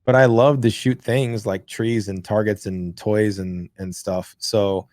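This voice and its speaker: A man co-hosting a podcast, telling a childhood story in a rambling, profane, animated way. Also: on the low side, measured pace, no room sound, clean studio sound. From rural. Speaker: podcast co-host. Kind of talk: casual storytelling chat.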